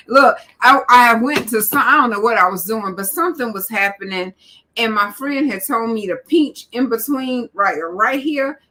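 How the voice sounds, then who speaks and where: A woman hosting a casual conversation, expressive and quick to laugh. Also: fairly high pitch. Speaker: podcast host. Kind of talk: casual chat.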